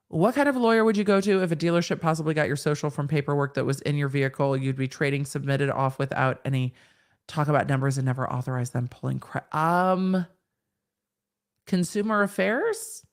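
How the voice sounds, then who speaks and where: Chatty woman host reading live chat. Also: lowish voice. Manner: reads chat comments aloud and answers, chatty and frank. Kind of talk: casual live-stream chat.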